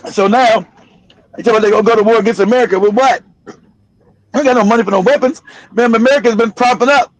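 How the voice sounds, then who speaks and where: High-voiced, blunt, profane male streamer. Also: fast, pauses often, no echo, poor audio. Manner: blunt, profane, laughing often. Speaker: livestream host. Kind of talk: political commentary stream.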